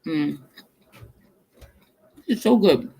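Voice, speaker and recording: Middle-aged cooking vlogger, gravelly fry in the voice, chatting and eating, laughs a lot. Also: medium pitch, lively intonation, extremely slow, mellow. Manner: chatty storyteller, laughs often; talks between bites, murmurs over food. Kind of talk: casual chat while eating on a livestream.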